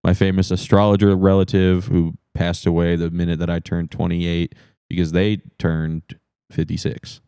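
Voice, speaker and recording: Male comedy guest from New Hampshire, very low and mellow, deadpan delivery of absurd bits. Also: moderate pace, hardly any pauses, clear, resonant tone, dry recording, clean studio sound. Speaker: podcast guest. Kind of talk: improvised comedy interview.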